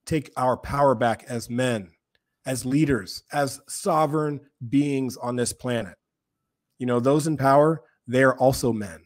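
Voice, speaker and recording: A man's voice: mid-range voice, no room sound. Impassioned man with dry close sound. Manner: impassioned, preacher-like, with emphatic slow repeats. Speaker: podcast guest, men's group co-founder. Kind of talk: earnest podcast conversation.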